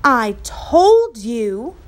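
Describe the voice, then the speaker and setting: A woman reading aloud gives voice to an earnest young boy, stubborn and firm, a little above her usual pitch. He speaks with a scolding, steady edge. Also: very slow, full character voice. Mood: insistent.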